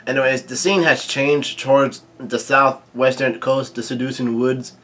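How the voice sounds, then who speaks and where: A man casually reading a comic chapter aloud, quoting lines and adding his own quick asides. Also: mid-range voice, fairly even intonation, fairly bright tone. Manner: reads quoted lines aloud with brief reactions and asides, many fillers. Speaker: manga reading commentator.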